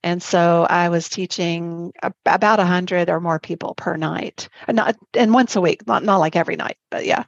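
Animated storytelling woman, dull dry audio. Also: fairly low pitch, gravelly, dry recording. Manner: animated, laughs often, rushes through lists. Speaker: guest, spiritual life coach and Zumba instructor. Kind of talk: personal storytelling in a podcast interview.

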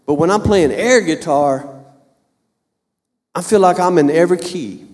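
Male preacher, 50s, high-pitched, fervent and repetitive, in a reverberant sanctuary. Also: measured pace, a little mellow. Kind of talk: sermon.

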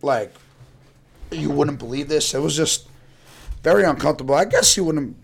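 A man's voice: fairly high pitch, lively intonation, normal speed, vocal fry, background noise. A young man telling rowdy stories casually, swearing a lot and acting out the voices of people in them. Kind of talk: casual storytelling.

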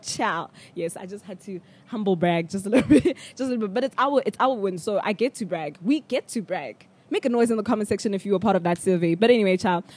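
A young woman from South Africa talks through a personal story on her podcast. She is chatty and expressive, and she often calls her listeners "child". Her pitch sits in a middle range for a woman. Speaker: podcast host. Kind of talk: casual storytelling chat.

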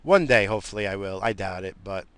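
A man's voice: fairly low pitch, expressive, quick pace, fairly bright tone, clean tone. A man ranting in a casual, profane, rambling way, with lots of fillers, as if talking from his car.

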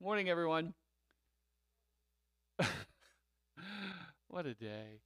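A man chats casually in front of a church congregation and runs through the announcements. He has a smooth, clean voice that sits a little high for a man, recorded dry and close. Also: very slow, no echo. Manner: relaxed, chatty, laughs easily, trails off. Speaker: church leader giving announcements.

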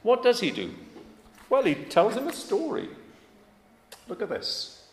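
Male preacher, animated, conversational and emphatic, recorded in a reverberant hall. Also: sits high, unhurried. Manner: conversational, questioning the congregation, emphatic. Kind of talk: sermon. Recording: echoey hall, faint ambience.

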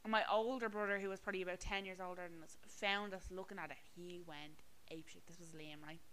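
A woman's voice: lowish voice, fairly even intonation, fast talker, fairly bright tone, rough recording. A young Irish woman co-hosting a podcast, chatting casually, swearing a lot and filling her talk with "like" and "right?". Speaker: podcast co-host. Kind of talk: casual chat.

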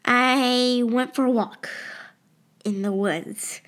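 A timid fourteen-year-old girl in an audiobook, voiced by a woman reader. She answers hesitantly and softly, her voice fairly high. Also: steady tone, slow. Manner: hesitant, sniffling.

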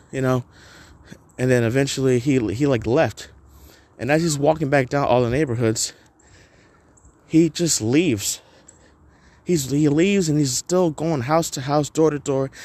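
A man's voice: medium pitch, a little mellow. A man hosting a podcast alone, telling a story in a rambling, profane way full of filler words. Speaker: podcast host. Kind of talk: casual solo storytelling.

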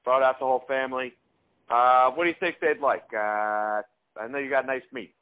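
A man's voice: mid-range voice, fairly even intonation, moderate pace. Rambling man on a tinny phone line. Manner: rambling and hesitant, full of fillers. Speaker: prank caller. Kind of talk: phone prank call.

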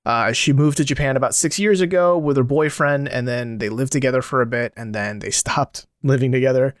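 A man's voice: mid-range voice, a little fast, no room sound, clean studio sound. A man co-hosting a casual podcast recap, laid-back, swearing casually and reading from his notes. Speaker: podcast co-host. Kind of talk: casual chat recapping a reality show.

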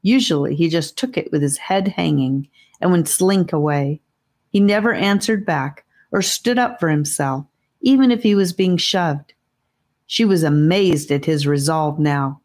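A woman narrates a fantasy adventure chapter aloud with steady expression. Her voice sits low and her reading unfolds slowly and carefully. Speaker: audiobook reader. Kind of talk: audiobook narration.

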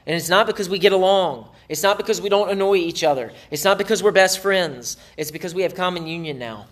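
A middle-aged man preaching a sermon as pastor, in a conversational, animated way with acted asides. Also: a little high, fast talker, hardly any pauses.

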